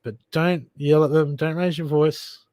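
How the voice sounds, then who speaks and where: A man's voice: a little high, steady tone, a little slow, no room sound, dull audio. A man giving tarot readings on a casual livestream, chatty and familiar, calling viewers darling and mate. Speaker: live tarot card reader.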